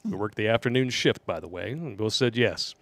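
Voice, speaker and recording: A man's voice: on the low side, lively intonation, a little fast, a bit bright, no room sound. A man hosting a casual live show, reading listener emails aloud in a laid-back way with many fillers. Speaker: podcast host.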